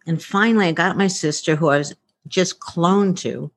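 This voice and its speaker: A woman's voice: lowish voice, fairly quick, no echo. A woman, a futurist, chatting in an interview, telling personal stories with many fillers and acting out the dialogue. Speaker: guest, futurist. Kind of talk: casual storytelling interview.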